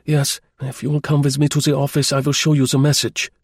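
A man voicing a harassed Prussian staff captain who talks in a cold, formal, quick way, with a husky tone. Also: fairly high pitch, monotone, no room sound, clean studio sound, pitched above the performer's own voice.

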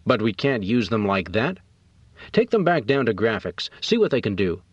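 A man's voice: fairly low pitch, very animated, normal speed, slightly rough, no echo. A man reading an insistent, fussy boss. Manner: insistent, impatient. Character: fussy, insistent male senior officer. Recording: dull, dry recording.

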